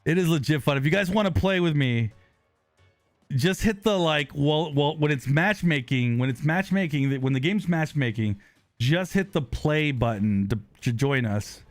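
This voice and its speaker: During a live gaming stream, a man with a voice on the high side talks with viewers through a close desk microphone, bursting into loud exclamations and quick, apologetic laughs. Soft music plays behind him, and there's no room sound.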